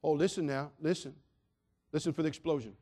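A man with a high voice delivers a dramatic sermon. He drops to quiet asides, then rises to loud, shouted points. He calls out to the congregation and acts out the people he describes. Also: fairly even intonation, brisk. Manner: acts out quoted voices, addresses listeners directly. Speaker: preacher.

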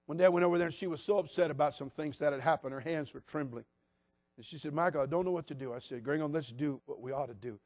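A man preaching a sermon as pastor, passionate, moving between loud appeals and hushed, quiet passages. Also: on the high side, fairly even intonation, fast, dry recording, clean studio sound.

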